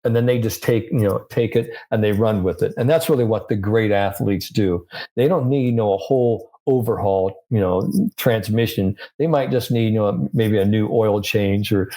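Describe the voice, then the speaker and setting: An older man from the United States, a sports psychologist and guest, telling stories in an animated, loose way full of "you know"s. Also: on the low side, moderate pace. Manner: animated storyteller, many "you know" fillers. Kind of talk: casual storytelling interview.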